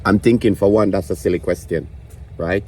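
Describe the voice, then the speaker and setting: A man's voice: sits low, brisk, mellow. A man telling a stand-up story about his grandma, swearing and ranting in exasperation. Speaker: comedian.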